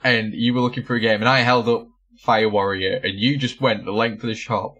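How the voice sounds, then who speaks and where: A man's voice: fairly low pitch, steady tone, fairly quick, fairly bright tone, muffled recording. A young man co-hosting a casual podcast, telling stories with plenty of swearing and laughter. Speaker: podcast co-host. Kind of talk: casual chat.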